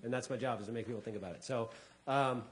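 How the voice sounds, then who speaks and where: A man's voice: mid-range voice, fast talker. A man doing a stand-up comedy set, telling a story with energy and slipping into voices for the people in it. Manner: animated storytelling, acting out voices. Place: lecture hall with a live audience.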